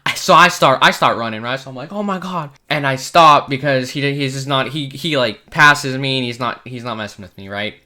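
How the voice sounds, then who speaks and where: A young man casually telling a story about his school days, profane and animated, full of restarts and asides. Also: brisk, few pauses. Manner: jumps between hushed mutters and excited high bursts. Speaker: storytime video creator.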